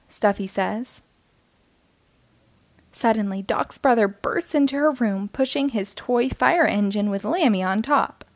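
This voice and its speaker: Woman reading a kids book slow and bouncy, dry close sound. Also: fairly high pitch, no room sound. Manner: gentle, expressive storytelling pace. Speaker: storybook reader. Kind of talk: children's read-aloud.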